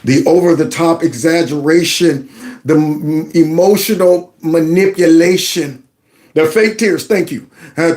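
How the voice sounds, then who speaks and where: A man's voice: on the high side, measured pace, darkish tone. A man hosting a political commentary livestream, sarcastic and mocking as he talks back to clips he plays. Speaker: host of a political commentary channel.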